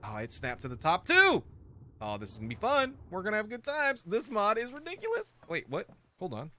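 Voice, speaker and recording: A man's voice: sits high, wildly swooping pitch, brisk, sharp tone. A man giving casual let's-play commentary, chatty and self-mocking, talking to the pieces he builds. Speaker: gaming streamer.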